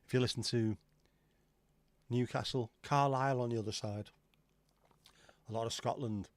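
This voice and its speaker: A man's voice: mid-range voice, steady tone, moderate pace, no echo. A man hosting a livestream, rambling and joking as he chats with viewers and swears casually. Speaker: livestream host. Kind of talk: casual chat reading viewer comments.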